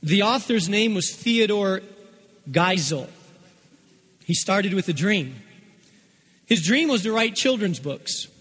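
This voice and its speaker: A middle-aged man preaching a sermon as pastor, emphatic and repetitive, swinging between loud passages and hushed ones. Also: high-pitched, expressive, takes it slowly, long pauses, slightly rough. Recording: long reverb of a large hall.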